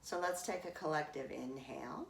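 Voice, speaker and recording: A woman leading a guided breathing meditation in calm, drawn-out phrases with long pauses. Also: deep voice, vocal fry, a little hiss or hum. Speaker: meditation teacher. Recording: roomy echo from a distant mic.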